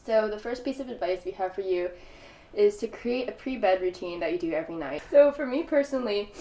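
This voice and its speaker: A woman's voice: medium pitch, brisk. Young woman podcast host, roomy sound. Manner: chatty, laughs often, lively storytelling. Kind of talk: casual podcast chat. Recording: roomy echo.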